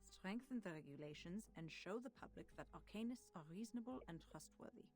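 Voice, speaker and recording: An actress voicing a cautious female committee member who argues policy in a formal, deliberate way in a game. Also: fairly low pitch, animated, a little mellow, faint music behind. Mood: serious.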